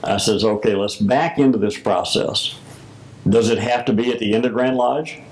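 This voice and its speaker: An older man from the United States recalls past events in a slow, storytelling way, acting out the exchanges he quotes. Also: lowish voice, steady tone, darkish tone, rough recording. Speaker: former Masonic grand master. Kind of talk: oral history recollection.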